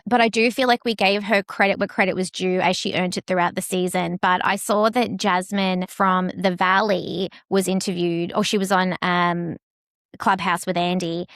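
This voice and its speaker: A woman's voice: medium pitch, a bit bright, no room sound, studio quality. A woman co-hosting a chatty podcast, giving blunt opinions in casual talk and swearing freely. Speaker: podcast co-host. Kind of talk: casual chat.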